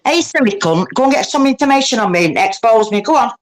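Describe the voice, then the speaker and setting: Older woman, fairly high voice, angry, swearing, insulting. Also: animated, quick pace. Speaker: livestreamer. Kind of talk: heated livestream argument.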